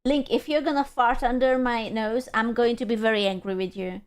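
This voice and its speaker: A young woman streaming, chatting casually in a playful, silly way and breaking into excited squeals. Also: a little high, brisk, clear, resonant tone. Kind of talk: casual livestream chat.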